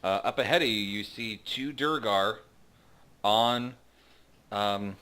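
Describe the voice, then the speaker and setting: A man narrating a tabletop game as game master, halting with many fillers. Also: lowish voice, bright, forceful tone, clean tone.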